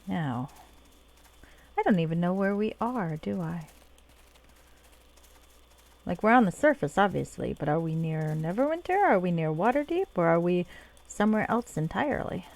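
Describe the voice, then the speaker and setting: A woman's voice: lowish voice, big pitch swings, normal speed, gravelly, long pauses, darkish tone. A woman streamer casually talking through a game and reading its dialogue aloud. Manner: chatty, reads dialogue aloud, laughs easily.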